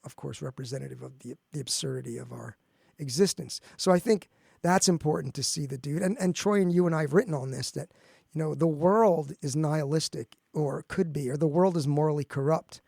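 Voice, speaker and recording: Man, philosophy professor, gravelly and fairly high, dry close sound, casual discussion. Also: brisk, dark tone, dry recording. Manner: thoughtful, restarts phrases often. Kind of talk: casual academic podcast discussion.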